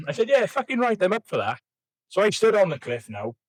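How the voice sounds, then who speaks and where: A man's voice: sits high, big pitch swings, moderate pace, no room sound, poor audio. Rambling, sweary young man. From Wales. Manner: rambling storyteller, swears freely, self-mocking. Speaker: podcast guest. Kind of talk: casual chat.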